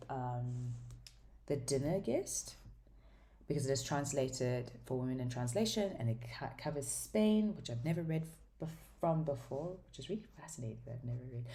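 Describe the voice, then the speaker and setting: A woman's voice: extremely low pitch, dark tone. A woman chatting casually through a book haul, rambling and enthusiastic, full of ums and restarts. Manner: enthusiastic about books. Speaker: book vlogger.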